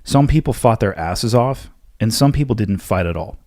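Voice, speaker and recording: Blunt low-voiced man, dry studio sound. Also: animated, moderate pace, mellow, no room sound. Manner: blunt, emphatic, occasionally profane. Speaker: podcast host answering listener questions. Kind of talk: solo Q&A monologue.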